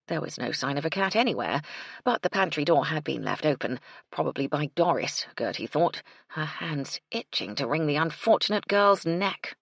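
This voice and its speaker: A woman narrating an audiobook in a measured, expressive reading on a close mic. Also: sits low, breathy edge, no echo. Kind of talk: scripted narration.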